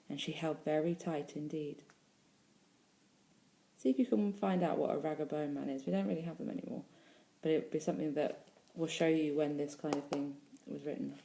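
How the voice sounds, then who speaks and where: Woman teacher reading a children's story. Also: low voice. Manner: expressive, pauses to talk to the listening children. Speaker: primary school teacher.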